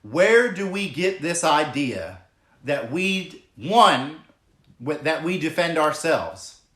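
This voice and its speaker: A man's voice: a little high, lively intonation, slow, fairly bright tone. A man preaching a sermon as pastor, earnest and emphatic, stretching out key phrases and reading scripture aloud. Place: church hall. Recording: echoey room.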